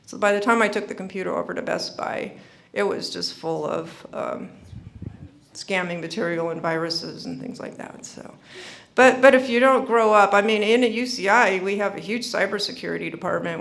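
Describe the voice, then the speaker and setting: A woman with a light gravelly edge talks to an audience in a plain, informal way. Her is easy, and she repeats warnings with earnest insistence, with plenty of ums along the way. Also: medium pitch, a bit bright. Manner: earnest, repeats herself, many fillers. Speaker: speaker at a senior scam-prevention summit. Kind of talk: informal presentation.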